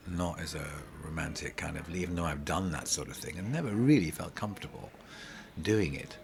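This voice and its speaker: A middle-aged man, a pantomime actor, telling animated, rambling stories in an interview, full of restarts. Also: sits low, creaky, a little hiss or hum. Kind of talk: casual interview storytelling.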